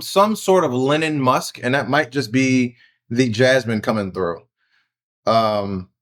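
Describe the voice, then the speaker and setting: A fragrance reviewer hosting his channel chats off the cuff in a casual review vlog, with a voice a little higher than most men's. He thinks out loud, trailing into fillers and correcting himself as he goes.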